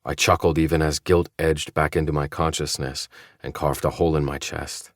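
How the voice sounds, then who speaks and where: Man with a very deep voice narrating. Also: flat delivery, moderate pace, dry recording, studio quality. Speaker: audiobook narrator. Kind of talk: scripted first-person audiobook narration.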